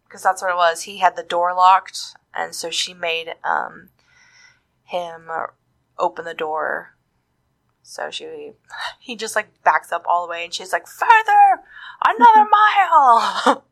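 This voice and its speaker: A young woman co-hosting a podcast, casually recapping a cartoon, animated and swearing freely as she acts out the characters' lines. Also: lowish voice, vocal fry. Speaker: podcast co-host.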